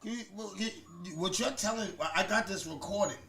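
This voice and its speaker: Loud laughing man telling stories. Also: sits high, a little fast. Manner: loud, laughing, shouting bursts. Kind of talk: animated storytelling on a podcast. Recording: echoey room, mic at a distance, loud crowd laughter.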